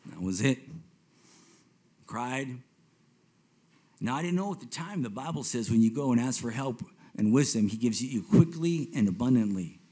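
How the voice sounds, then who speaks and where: A man in his fifties telling his personal faith testimony to a congregation, swinging between hushed reflection and excited retelling, often repeating himself. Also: mid-range voice, moderate pace, long pauses, breathy edge. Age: 50s. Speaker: speaker giving a testimony.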